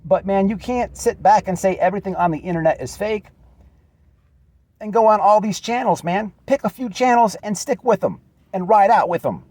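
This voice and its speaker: Earnest high-voiced man with drawl. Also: normal speed, darkish tone, no room sound. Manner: earnest, repetitive, calls listener "man" often. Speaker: channel host. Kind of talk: direct address video message.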